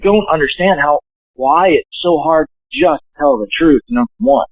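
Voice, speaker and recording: A man talking as a podcast guest in casual chat, joking and cursing as he tells stories in a lively way. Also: on the high side, moderate pace, dry recording. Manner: profane, joking, animated storyteller. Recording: tinny dry phone line.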